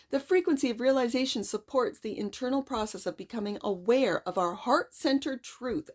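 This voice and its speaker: Excited woman giving a tarot reading. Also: a little high. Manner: excited, emphatic. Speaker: tarot card reader.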